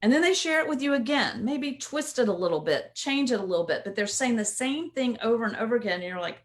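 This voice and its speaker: Lively conversational woman coach. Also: a little high, quick pace, hardly any pauses. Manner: conversational, often asks "right?". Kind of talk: casual instructional talk.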